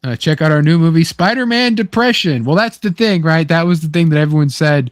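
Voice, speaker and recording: A man's voice: on the high side, expressive, a little fast, no echo, clean studio sound. A man hosting a casual chat who reads from a film script, rambling with many fillers and restarts. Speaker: host.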